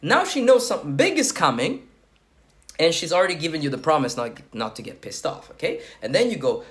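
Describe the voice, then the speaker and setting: Fairly quick and fairly high, this man's voice swings widely in pitch. He's a sweating dating coach delivering crude, blunt talking-head tips on approaching women, checking in with "okay?" along the way.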